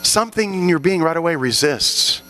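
A man preaching an animated sermon to a congregation, often building to loud, fervent exhortations. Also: on the high side, moderate pace, slight background noise, poor audio.

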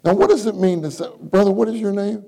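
A man's voice: high voice, fast, gravelly, mellow, rough recording. A male preacher giving a conversational sermon at a church meeting, often putting questions to his listeners. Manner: interactive, questions the congregation.

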